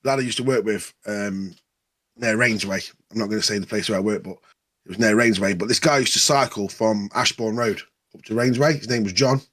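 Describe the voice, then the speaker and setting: A man's voice: fairly low pitch, a little fast, fairly bright tone, no room sound. A man, a podcast co-host, swearing often and laughing through crude anecdotes in casual chat.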